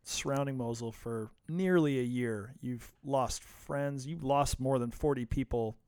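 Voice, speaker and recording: A man hosting an interview, asking measured, direct questions. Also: medium pitch, darkish tone, no echo. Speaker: podcast host.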